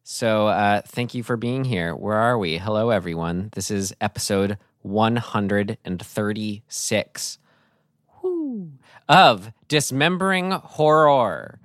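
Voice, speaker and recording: A man's voice: on the low side, measured pace, few pauses, no echo. Man, podcast co-host, casual rambling chat, laughs easily, dry close sound. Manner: rambling, laughs at his own slips.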